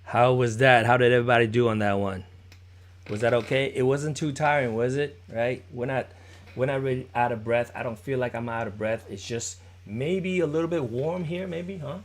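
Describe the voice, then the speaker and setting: A man's voice: mid-range voice, moderate pace. A man teaching a live-streamed popping dance class, counting beats, encouraging his students and answering viewers in chat in a chatty way. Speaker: dance instructor.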